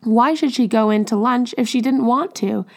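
Woman narrating a novel, measured. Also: fairly high pitch, vocal fry. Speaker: audiobook narrator. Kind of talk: scripted narration.

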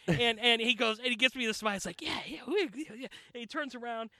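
High, bright-voiced man telling wrestling stories. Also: fast talker, no room sound. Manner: animated, profane, acts out quotes in other voices. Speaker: podcast guest. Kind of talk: casual storytelling chat.

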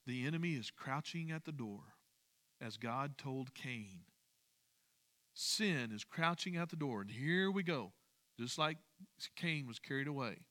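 A man's voice: on the high side, sharp tone. A man leading a midweek Bible study, speaking emphatically, repeating key phrases and putting questions to his listeners.

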